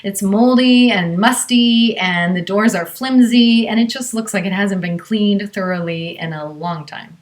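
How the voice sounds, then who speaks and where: A woman telling a story, voicing her loud, blunt and protective mother in a firm, curt way. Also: medium pitch, a little slow, hardly any pauses, close to an everyday voice. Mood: grumbling.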